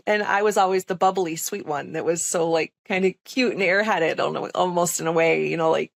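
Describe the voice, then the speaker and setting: A woman's voice: fairly low pitch, fairly quick, gravelly, few pauses, no room sound. A young woman nurse telling a personal story in a casual interview, chatty and emphatic, with lots of "like" and "um". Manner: chatty, full of "like" and "um", emphatic retelling. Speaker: nurse, podcast guest.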